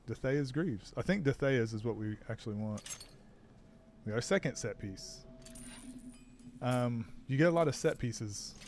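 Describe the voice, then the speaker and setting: A man's voice: mid-range voice, a little mellow, a little hiss or hum. An American man chatting casually on a live stream, answering chat while he plays a game. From United States.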